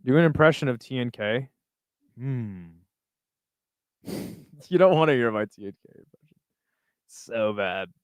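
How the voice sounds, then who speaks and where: A man with a medium-pitched, expressive voice hosts a casual livestream, reading viewer messages and reacting to them in a loose, laid-back way with plenty of swearing. He talks a little slowly and pauses often. The recording is clean, with no echo.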